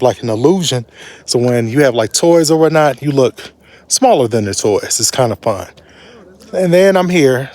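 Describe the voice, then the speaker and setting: A man casually narrating his own travel vlog, slangy and animated, his voice jumping up in surprise. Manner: animated, slangy storyteller with big pitch jumps. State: short of breath at altitude. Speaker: travel vlogger.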